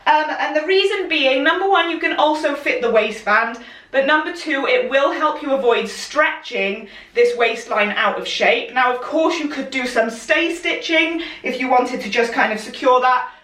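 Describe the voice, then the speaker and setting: A woman's voice: sits high, lively intonation, moderate pace, fairly bright tone. A woman teaching a live-streamed sewing lesson, chatty and encouraging, a little out of breath as she moves around. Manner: chatty and encouraging, laughs often. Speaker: sewing pattern instructor. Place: room, speaking while moving in front of camera. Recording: echoey room, voice a bit far from mic.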